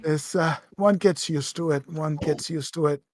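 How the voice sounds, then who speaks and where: A man voicing a dignified male druid in a tabletop game, speaking haltingly with many pauses and restarts. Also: fairly high pitch, dry recording, clean studio sound, close to an everyday voice. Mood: calm.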